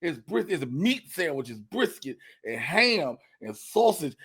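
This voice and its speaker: A man hosting a podcast, telling a funny story in casual chat with big excited outbursts. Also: sits high, fast talker, hardly any pauses, breathy edge. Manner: animated, swings into loud excited shouts and laughs. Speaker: podcast host.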